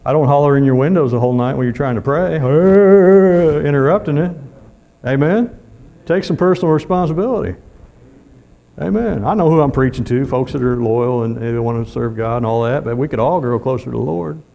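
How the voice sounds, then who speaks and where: A man's voice: medium pitch, brisk, creaky, dark tone, dull audio. A man preaching a sermon in a folksy way, calling out amen often.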